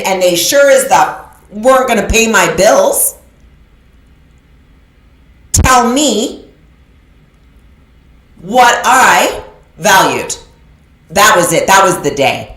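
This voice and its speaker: A woman's voice: mid-range voice, expressive, takes it slowly, long pauses, roomy sound, low-quality recording. A middle-aged woman coach giving a live online masterclass in an emphatic, preacher-like style, talking straight to her audience. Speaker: business coach. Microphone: video call.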